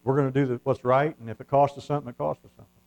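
A man's voice: mid-range voice, steady tone, racing, creaky, a little mellow, poor audio. A man preaching a sermon, retelling a scripture story in his own words and asking his listeners "amen?". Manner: retells scripture with acted-out quotes, calls "amen?".

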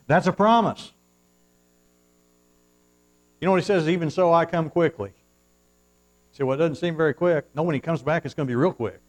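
A male pastor preaching a sermon from the pulpit, swinging from hushed asides to loud, fervent surges and reading scripture in formal old-fashioned wording. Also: fairly high pitch, moderate pace, long pauses, rough recording. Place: church, at the pulpit.

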